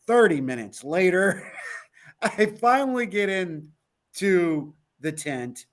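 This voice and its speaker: Man, co-host, casual chat, slightly high voice, animated, laughs often. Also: slow pace. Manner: animated storyteller, acts out quotes, laughs often. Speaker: podcast co-host. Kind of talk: casual chat recounting a trip.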